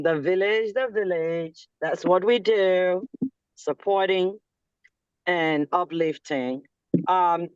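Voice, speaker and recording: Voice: mid-range voice, smooth, no room sound. A team leader on a group video call, sharing good news in an upbeat, emphatic way. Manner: upbeat, exclamatory, preachy. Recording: dull lo-fi call audio.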